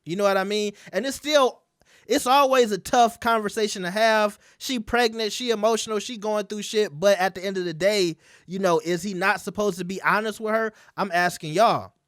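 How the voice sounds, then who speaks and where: A man with a noticeably high voice gives loose, conversational commentary straight to his viewers. He keeps asking them to weigh in, and his voice is recorded close and dry with no room sound. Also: normal speed, fairly bright tone, dry recording. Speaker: commentary channel host. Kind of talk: casual commentary reading out text messages.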